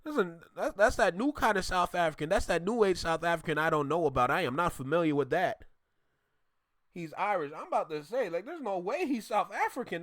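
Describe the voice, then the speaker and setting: Bright-voiced, mock-outraged male reactor. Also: high-pitched, fairly quick, dry recording, clean studio sound. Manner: animated, mock-outraged, joking. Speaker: reaction video host. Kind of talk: casual reaction commentary.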